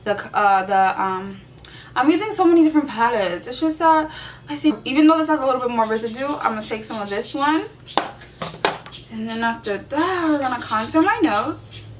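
A woman's voice: a little high, animated, normal speed, a little hiss or hum. A young woman doing a casual makeup tutorial, sassy and playfully profane, hyping herself up as she works. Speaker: beauty vlogger.

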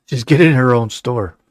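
A man's voice: mid-range voice, a little slow, a crowd in the background. A man hosting a casual livestream show, rambling and joking with lots of fillers. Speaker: show host.

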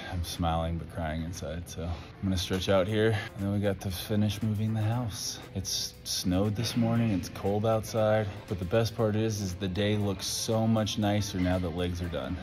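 Guy filming his leg day at the gym, worn out and cracking jokes about himself, faint music in the back. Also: lowish voice. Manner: joking, self-mocking. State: tired, worn out from training. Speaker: fitness vlogger. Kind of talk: casual vlog chat during a workout.

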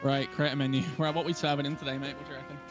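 A man co-playing a game, excitable and quick to swear and laugh. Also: a little high, over music. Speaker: co-streamer. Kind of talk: casual chat while playing.

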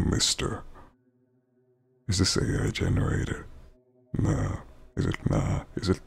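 A man's voice: low-pitched, sing-song, slow, creaky, long pauses, slightly rough. A man giving wry, joking let's play commentary on a game, often muttering asides to himself. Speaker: gamer playing a horror game.

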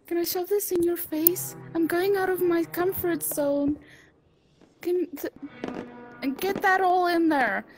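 A woman playing a game and giving casual commentary, swearing and reacting out loud as she goes. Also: extremely high pitch. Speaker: gamer.

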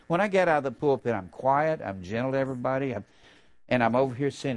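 An older man preaching a fervent sermon, drawing out key phrases slowly and breaking into sudden loud, high outbursts. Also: expressive.

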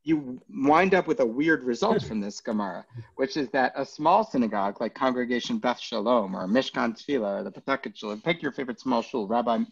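A man's voice: mid-range voice, expressive, fairly quick, gravelly, husky, highs cut off. A man, a rabbi, teaching a Talmud class in an informal way, joking and thinking aloud with many fillers.

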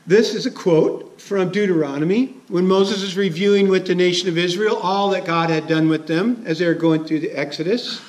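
A man preaching a sermon as a pastor, conversational and chuckling, asking his listeners questions. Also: high-pitched.

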